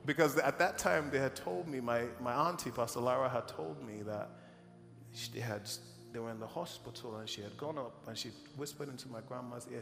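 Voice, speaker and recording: A man from Nigeria preaching, telling a personal testimony as an emotional, animated storyteller in a large church hall. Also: mid-range voice, a little fast, creaky. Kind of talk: sermon storytelling. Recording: echoey hall with music.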